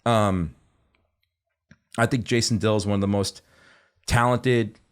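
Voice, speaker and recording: A man's voice: lowish voice, measured pace, clean tone. Swearing middle-aged New man. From Brooklyn, New York. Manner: animated, profane storytelling that acts out other people's words. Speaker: podcast guest. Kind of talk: casual chat.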